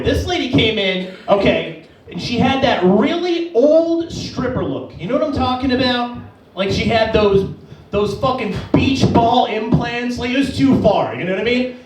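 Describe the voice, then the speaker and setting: A man performing a stand-up comedy set in a club, profane and animated, often jumping into high-pitched impressions of the people in his stories. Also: normal speed, slight background noise. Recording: echoey club from a distance.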